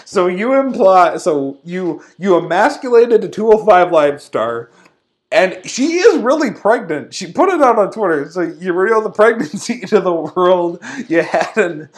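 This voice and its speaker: A man co-hosting a casual podcast, recapping a show with animated, exasperated ranting. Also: sits high, unhurried. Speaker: podcast co-host.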